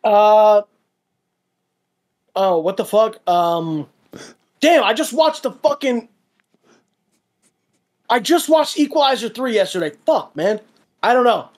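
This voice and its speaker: A man's voice: high-pitched, sing-song, takes it slowly, long pauses. A man as a guest in a casual chat over a call, laid-back and teasing, full of dude and bro.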